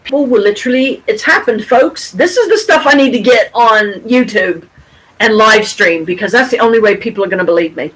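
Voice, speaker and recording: A woman's voice: on the high side, fairly quick, slightly rough, poor audio. Rambling middle-aged woman vlogger. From Pontiac, Michigan, USA. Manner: rambling, animated, with restarts and swearing. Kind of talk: casual storytelling to camera. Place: at home, with her cat nearby.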